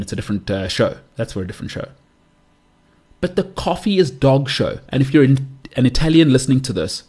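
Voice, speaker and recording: A man's voice: mid-range voice, breathy edge. A man from South Africa hosting his own podcast, ranting with strong, emphatic opinions and repeating his punchlines. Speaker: podcast host. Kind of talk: solo podcast rant.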